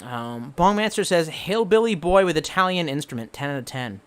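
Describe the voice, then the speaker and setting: A tipsy young man from the Washington DC area reads live-stream chat aloud, swearing freely and answering with sarcasm. His voice is a little high for a man and very animated, swinging all over as he rambles. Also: moderate pace, clean tone. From Washington DC metro area, US. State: getting drunk.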